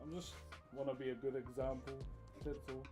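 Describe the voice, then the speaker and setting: A young man with a New Zealand accent, chatting casually on a livestream, relaxed and reading out viewers' messages, on a headset mic. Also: medium pitch, brisk, music in the background. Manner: relaxed, chatty, reads out chat. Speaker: live streamer.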